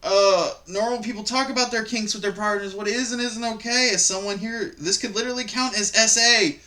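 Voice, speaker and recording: A man hosting a reaction video, ranting casually and profanely about online stories in a rambling, animated way. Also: high voice, a little fast.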